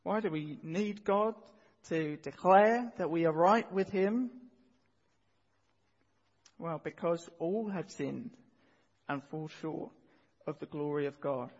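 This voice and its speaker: Preacher, male, earnest, repeats key lines, slightly husky, long hall echo, muffled recording. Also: on the high side, takes it slowly, long pauses, a little mellow. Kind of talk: sermon. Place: church hall. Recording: dull sound with long hall reverb.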